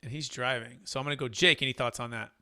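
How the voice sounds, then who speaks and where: A man hosting a casual business chat, telling a deal story with animated acted-out quotes. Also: medium pitch, fast. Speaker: host.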